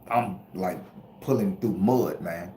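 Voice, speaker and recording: A man's voice: deep voice, takes it slowly, warm tone, roomy sound, a little hiss or hum. A middle-aged man hosting a spiritual livestream, telling an emotional story in slangy casual talk and addressing viewers directly. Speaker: spiritual channel host and tarot reader.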